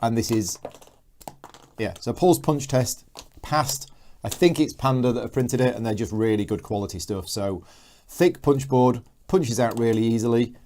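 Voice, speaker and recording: A man's voice: medium pitch, normal speed, warm tone, slight background noise. A man hosting a live board game unboxing, chatting casually and reading out viewer comments as he goes. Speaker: board game channel host.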